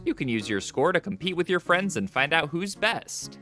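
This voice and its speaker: A young man hosting a comedic commentary video, recapping things with sarcastic, deadpan asides. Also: a little high, moderate pace, hardly any pauses, faint music behind.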